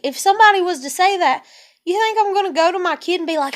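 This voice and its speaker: Ranting high-voiced woman in her thirties. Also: brisk. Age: 30s. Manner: exasperated, ranting, rhetorical questions. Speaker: vlogger. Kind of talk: venting monologue.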